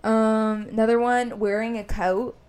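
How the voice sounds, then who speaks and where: A woman's voice: a little high, flat delivery, unhurried, darkish tone, a little hiss or hum. A young woman from the US Midwest co-hosting a podcast, chatting frankly and swearing casually. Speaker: podcast co-host. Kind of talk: casual chat.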